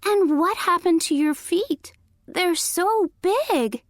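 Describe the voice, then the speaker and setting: Storybook heroine: woman voicing a spirited young girl, high-pitched, sweetly pointed. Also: expressive, slow pace, no room sound, studio quality, full character voice. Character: spirited young girl, fierce about her granny. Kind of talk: storybook read-aloud.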